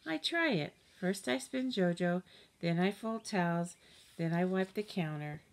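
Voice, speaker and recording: Woman reading a picture book, low voice. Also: unhurried. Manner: expressive, animated storytelling. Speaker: storybook reader.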